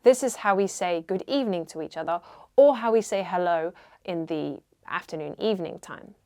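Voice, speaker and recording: A woman's voice: lowish voice, normal speed, a little mellow. A woman teaching a beginner French lesson, carefully modelling pronunciation and repeating words for learners. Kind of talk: language lesson.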